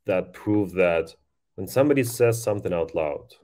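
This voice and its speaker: A man speaking as a guest on a podcast interview, talking quickly and eagerly with frequent restarts. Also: low voice, expressive, mellow. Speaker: podcast guest, voice-tech company founder.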